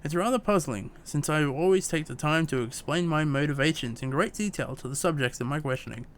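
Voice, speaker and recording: A man's voice: fairly high pitch, animated, a little fast, slight background noise, natural voice. A man reading as a prim, wordy woman scholar. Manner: prim, wordy, stumbling over words. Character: fussy, long-winded young woman scholar. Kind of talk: reading game dialogue aloud.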